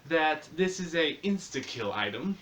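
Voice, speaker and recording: A man's voice: on the high side, sing-song, measured pace, fairly bright tone. A young man joking around on a podcast, laughing often at his friends. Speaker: podcast co-host. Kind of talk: casual chat. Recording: roomy, far from the mic, faint noise.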